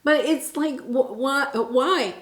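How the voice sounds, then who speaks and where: A woman's voice: high-pitched, slow pace, roomy sound. A woman giving a casual tarot reading, talking in an earnest, reassuring way with many fillers and restarts. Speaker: tarot reader.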